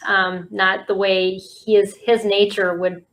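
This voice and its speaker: A woman's voice: medium pitch, flat delivery, takes it slowly, fairly bright tone, slight background noise, rough recording. A woman hosting a podcast interview, speaking reflectively with frequent restarts and fillers. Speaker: podcast host. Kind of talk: casual interview conversation.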